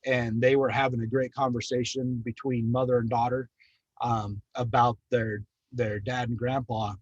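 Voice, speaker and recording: A middle-aged man training hospice staff, talking calmly and steadily, with frequent ums. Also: medium pitch, no room sound, highs cut off. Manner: calm, measured, with frequent ums.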